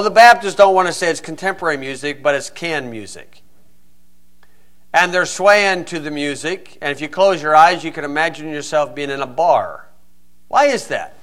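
A man's voice: sits high, a bit bright. A middle-aged man preaching a sermon, blunt and scornful, firing off rhetorical questions.

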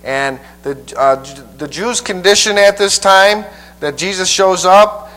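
A man preacher teaching a Bible passage verse by verse in a folksy, halting way, often repeating his words. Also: high-pitched, fairly bright tone, poor audio.

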